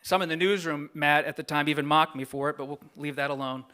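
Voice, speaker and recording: A man with a slightly higher pitch and a bright, forceful tone delivers a prepared acceptance speech at a gala podium. His delivery is earnest and grateful, measured like a written speech read aloud, and it carries through a podium microphone in a large banquet room. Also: steady tone, clean tone. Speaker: award recipient giving an acceptance speech.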